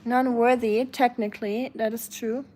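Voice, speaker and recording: German lady streaming, chatty, reading chat out loud and answering, voice sits a bit high. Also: little pitch movement, moderate pace. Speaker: live streamer. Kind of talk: casual live-stream chat.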